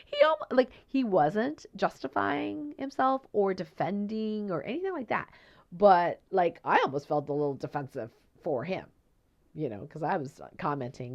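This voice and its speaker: Gravelly animated woman podcaster. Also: medium pitch, normal speed, highs cut off. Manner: animated storytelling, acts out quoted voices; conversational, tag questions and fillers. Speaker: podcast host and energy healer. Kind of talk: solo podcast talk.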